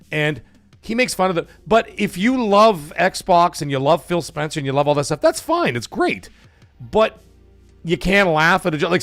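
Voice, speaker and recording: A man's voice: a little high, fairly bright tone, no room sound. A man hosting a casual gaming livestream, chatty and rambling, laughing often as he reads chat. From Italian-American background. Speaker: livestream host.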